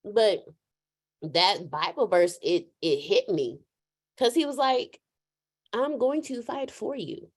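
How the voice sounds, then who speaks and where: A woman hosting a casual faith chat, animated, laughing and telling stories like a preacher. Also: medium pitch, takes it slowly, long pauses. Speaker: host.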